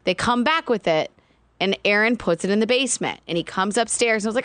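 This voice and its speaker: A woman's voice: mid-range voice, animated, a little fast, fairly bright tone, no echo. Woman in her thirties, podcast co-host, casual chat, dry close mic, dramatic retelling.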